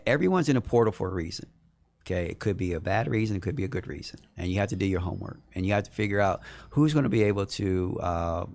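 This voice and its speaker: Hombre de voz grave, entrevista deportiva. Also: male voice, low-pitched, vocal fry, darkish tone, dry recording. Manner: earnest, repeats words while building a point. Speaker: head women's basketball coach. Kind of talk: podcast interview.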